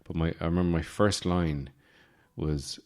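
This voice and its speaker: An Irish man in his forties, hosting a podcast with a rambling, deadpan comic monologue full of fillers and restarts. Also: sits low, normal speed. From Ireland. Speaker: podcast host.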